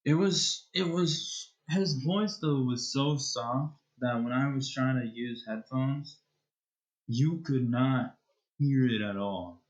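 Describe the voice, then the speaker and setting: The muffled, lo-fi recording carries a medium-pitched male voice as the streamer closes out his live stream. His chat is casual and rambling, slow and drawn out, full of hesitation, with many restarts as he keeps looping back.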